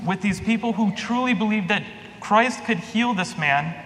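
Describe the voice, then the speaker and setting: Speaking at a moderate pace in a high-pitched, somewhat bright voice, a man delivers a church sermon as a priest. His storytelling is conversational, full of restarts and fillers, captured with long reverb and a faint hum.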